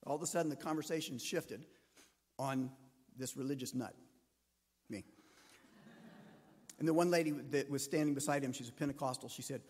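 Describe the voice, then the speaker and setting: A man's voice: mid-range voice, steady tone, a little fast, a little mellow, big-room sound. A man, a pastor, preaching a sermon and telling a story, acting out the voices of the people in it. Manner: storytelling, acts out quoted voices.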